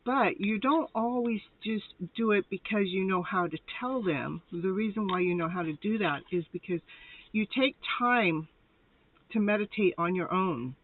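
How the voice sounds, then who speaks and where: A woman's voice: mid-range voice, moderate pace. A woman hosting a live tarot show, chatty and rambling, laughing often and a little short of breath. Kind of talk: casual live tarot reading. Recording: tinny phone-like line, dry.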